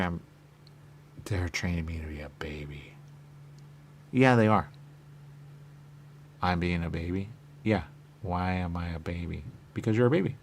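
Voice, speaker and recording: This man's voice sits low, with a little hiss or hum in the recording. In a rambling stream-of-consciousness monologue, he repeats himself, mutters questions, and supplies his own answers.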